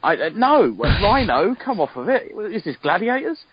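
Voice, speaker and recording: A man's voice: high voice, very animated, normal speed, muffled recording, over a noisy crowd. A man co-hosting a casual review chat, stammering and emphatic as he complains. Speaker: podcast co-host.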